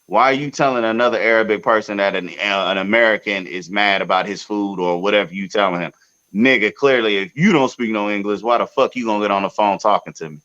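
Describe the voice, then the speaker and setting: A man hosting a podcast, telling a long story in a casual, profane way with sudden loud outbursts. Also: fairly low pitch, fast talker, highs cut off. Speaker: podcast host.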